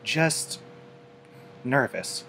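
A man reading a storybook aloud, voicing a timid, gentle young mare pegasus who speaks softly and hesitantly. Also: mid-range voice, sing-song, a little slow, slight background noise. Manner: soft, hesitant and quiet.

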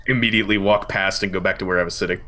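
A man's voice: low-pitched, steady tone, racing, bright, forceful tone. A man playing a tabletop role-play, wryly describing what his character does. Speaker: player.

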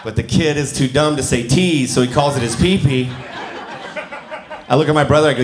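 A man's voice: medium pitch, moderate pace, pauses often, a crowd in the background. Man in his forties doing stand-up. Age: 40s. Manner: animated storytelling, acting out quotes. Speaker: stand-up comedian. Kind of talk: stand-up comedy set. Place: comedy venue with a laughing audience. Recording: roomy live venue with audience noise.

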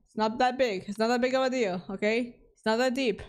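A woman's voice: fairly high pitch, fairly quick, heavy background noise. A young woman streamer talking to herself through a horror game, jumpy and pleading, then joking at her own expense. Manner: jumpy, talks to herself, pleading and self-mocking. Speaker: VTuber streamer.

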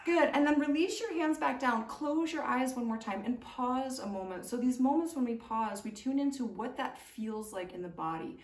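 A young woman leads a yoga class at an even, middle pitch, guiding each breath and stretch in a calm, soothing voice. She is recorded from a little way off the mic, and the room gives her voice a clear echo. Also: normal speed, hardly any pauses. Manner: calm, gentle, soothing guidance with light laughs. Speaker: yoga teacher. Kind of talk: guided yoga instruction. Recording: echoey room, mic at a distance.

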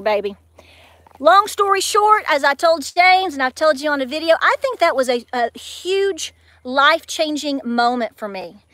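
A woman's voice: sits high, sharp tone, no room sound. A woman telling a story to her viewers in a chatty way, acting out quotes with big swings in her voice. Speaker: homestead vlogger.

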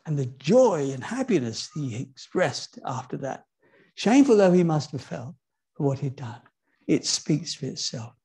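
A man preaches a sermon in a church, his voice mellow and a little husky. He drops to quiet asides and then climbs high on the key words, turning often to the congregation with rhetorical questions. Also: sing-song, unhurried.

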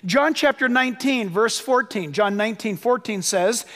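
A man's voice: high voice, moderate pace, fairly bright tone. A man preaching a sermon as pastor, speaking emphatically, repeating phrases for stress and urging listeners to write things down. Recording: long hall reverb.

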